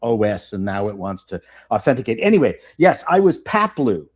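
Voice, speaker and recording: A man's voice: fairly low pitch, big pitch swings, brisk. A man around seventy, an actor guest on a live chat, telling rambling self-mocking anecdotes. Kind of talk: casual chat.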